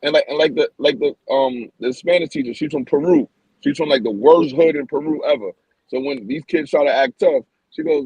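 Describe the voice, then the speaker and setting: Husky, gravelly man ranting emphatically. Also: a little high, big pitch swings, a little fast, a little mellow, dry recording, low-quality recording. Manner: emphatic and opinionated, repeats himself, stumbles over words. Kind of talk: casual podcast chat.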